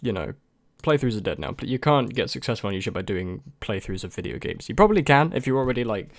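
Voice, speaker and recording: A man's voice: mid-range voice, very animated, quick pace, vocal fry, no echo, studio quality. A young man and YouTube creator in casual chat, answering viewer questions in a rambling, hesitant way with many restarts.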